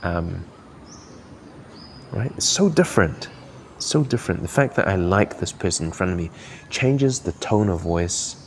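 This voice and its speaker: A man's voice: sits low, animated, normal speed, slight background noise. A man from Malaysia hosting a podcast, giving earnest, encouraging coaching talk while thinking aloud. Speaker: podcast host.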